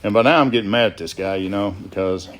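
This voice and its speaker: A man sharing his recovery story at a sobriety gathering, plainspoken, often quoting others in lively asides. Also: lowish voice, fast. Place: gathering at a biker rally.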